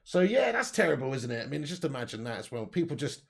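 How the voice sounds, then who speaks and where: A man's voice: medium pitch, big pitch swings, quick pace, gravelly, husky. A young man hosting a casual football livestream, talking bluntly, swearing often and reading out the live chat. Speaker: football channel livestream host.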